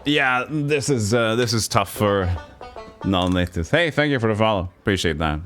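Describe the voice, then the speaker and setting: A Norwegian man streaming a puzzle game, thinking aloud in halting, self-correcting English. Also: lowish voice, lively intonation, fairly bright tone, faint music behind. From Norway. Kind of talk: live game commentary.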